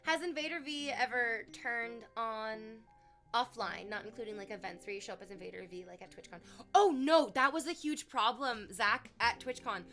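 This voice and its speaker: A woman streamer with a bright, forceful voice, talking casually and animatedly to her chat. She drops into soft, reflective tones, then bursts out loud, swearing freely. Light music plays faintly behind her. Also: a little high, normal speed.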